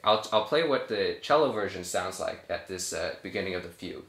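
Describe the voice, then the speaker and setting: A young man, a cellist, explaining a piece in a relaxed, casual way with frequent fillers. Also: sits low, a little fast, a little hiss or hum. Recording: echoey room with cello playing.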